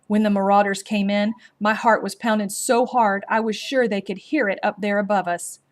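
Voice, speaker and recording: Woman slowly reading a storybook aloud. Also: mid-range voice, steady tone. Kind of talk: storybook read-aloud narration.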